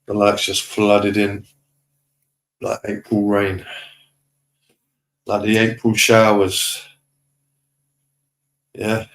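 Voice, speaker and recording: A man with a lowish voice talks very slowly on a live stream, pausing often as he reads viewer comments aloud and gives relaxed shout-outs in a casual chat.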